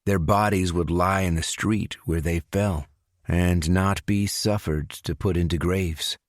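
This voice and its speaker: A man reading a dark thriller audiobook in a measured, unhurried way, giving the characters their own voices. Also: low voice, fairly even intonation, dry recording, studio quality. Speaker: audiobook narrator. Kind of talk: scripted narration.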